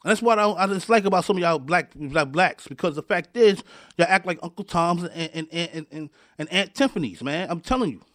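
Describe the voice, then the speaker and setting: A man's voice: high voice, a little fast, a bit bright, no room sound, studio quality. A man hosting a show, ranting angrily at his listeners with many stumbling restarts and repeated words. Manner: angry, repetitive, stumbling restarts, addresses listeners directly. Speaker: show host. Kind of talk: heated commentary rant.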